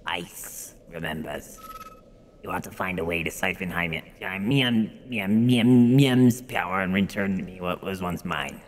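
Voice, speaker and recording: A man voicing an ancient, ominous male ice spirit from a video game, speaking slowly and solemnly. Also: deep voice. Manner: slow, solemn, drawn-out delivery. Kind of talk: gameplay dialogue read in a put-on voice.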